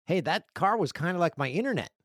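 A man's voice: high-pitched, fast, no room sound, studio quality. A middle-aged man hosting a casual podcast, reading listener mail aloud and telling self-deprecating, joking stories. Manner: joking, animated storytelling with self-deprecating asides. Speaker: podcast host.

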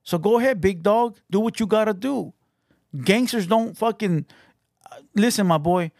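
A man's voice: high voice, normal speed, creaky, a little mellow, dry recording, clean studio sound. A man hosting a podcast, giving heated, profanity-laced reaction commentary and taunting his critics. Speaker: podcast host reacting to clips.

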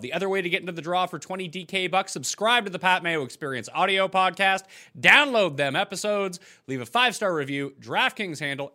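A man hosting a fantasy football podcast, energetic and joking, with emphatic delivery. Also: high voice. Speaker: podcast host.

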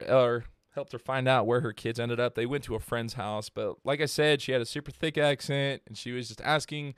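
A man hosts a podcast in a loose, rambling way, full of "um"s and "like"s. His voice is smooth and clear and sits at an ordinary pitch. The sound is close and dry, with no room ring. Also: fairly bright tone, dry recording. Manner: rambling, filler-heavy, laughs at own jokes. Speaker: podcast host. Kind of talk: casual storytelling chat.

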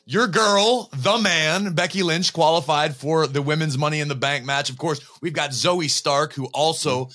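Bright-voiced man hosting a chatty podcast. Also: fairly high pitch, moderate pace, few pauses. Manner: playful teasing banter. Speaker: podcast host. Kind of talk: casual chat.

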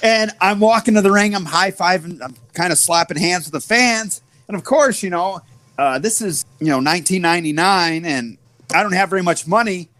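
A man in his forties from the US Midwest, a wrestler telling animated stories in an interview, full of fillers. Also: high voice, moderate pace, no echo. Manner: animated, full of fillers, acts out others' voices. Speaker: wrestler guest. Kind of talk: storytelling interview.

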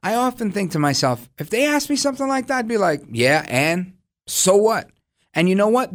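A man hosting a political talk show, giving combative, sarcastic opinion commentary. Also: high voice.

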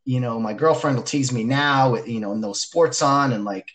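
A man in casual chat, talking loudly and emphatically with many fillers. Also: medium pitch, moderate pace. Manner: loud, emphatic, rambling.

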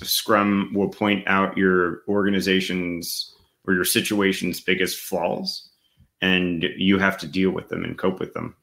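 A man's voice: deep voice, vocal fry, bright, forceful tone. A man co-hosting a podcast, talking casually and thinking aloud with many fillers and restarts. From United States. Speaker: podcast co-host. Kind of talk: casual chat.

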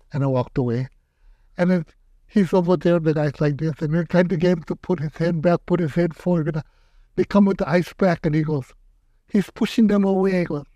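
Older male aikido teacher, animated anecdotes, dull dry recording. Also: on the high side, no room sound. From Hawaii. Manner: animated, acts out quotes in raised voice. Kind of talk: casual storytelling interview.

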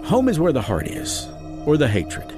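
A man's voice: huge pitch swings, moderate pace, music in the background. A man hosting a true-crime podcast, narrating in a dramatic storytelling style. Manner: dramatic storytelling with wide swings in pitch. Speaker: podcast host and audiobook narrator.

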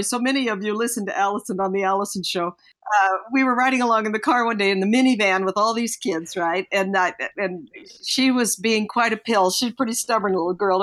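A woman's voice: mid-range voice, brisk, fairly bright tone. An older woman, a guest on a parenting podcast, telling stories in an earnest, reflective way. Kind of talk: podcast interview.

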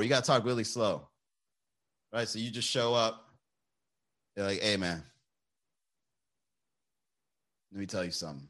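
A male streamer in loose, casual chat. He rambles from one joke to the next, swears freely and often breaks into laughter. His voice sits at an ordinary middle pitch. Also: fairly bright tone. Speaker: live-stream host.

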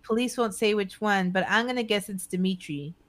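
A woman's voice: medium pitch, fairly quick, a bit bright. A woman co-hosting a podcast, telling a true-crime story in a laid-back, wry way. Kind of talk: casual true-crime chat.

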